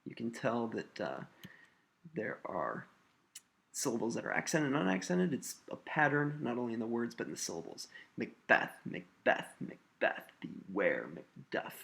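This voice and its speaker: A man's voice: mid-range voice, very animated, moderate pace, creaky, fairly bright tone. A man teaching a recorded lesson, explaining patiently and stressing syllables to demonstrate them.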